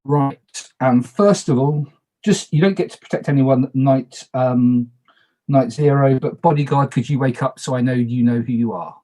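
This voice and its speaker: A man's voice: medium pitch, moderate pace, warm tone. A man moderating an online party game on a video call, talking casually, repeating instructions and making self-deprecating asides.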